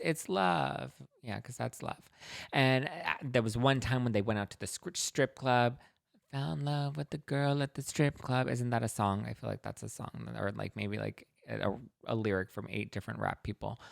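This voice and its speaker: A man's voice: mid-range voice, gravelly, dry recording, studio quality. A man hosting a gossipy book recap, talking in a catty, sarcastic, chatty way. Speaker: host.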